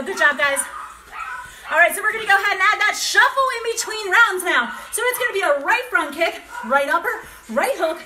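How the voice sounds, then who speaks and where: A female kickboxing coach calls out combos during a home workout, staying upbeat and encouraging, laughing often and running short of breath. Her high voice echoes in the room amid background noise and nearby barking dogs.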